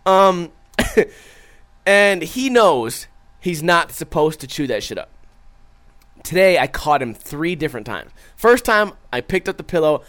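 This young male streamer talks casually and profanely, reading out viewer comments and performing his own stories in an animated way. His voice is a little high and a little slow, with long pauses.

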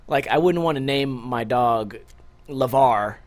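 A man's voice: mid-range voice, measured pace. A young adult man hosting a casual solo podcast, rambling loosely with lots of swearing and jokes, tired from a short night's sleep. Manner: loose, profane, rambling and joking. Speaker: podcast host.

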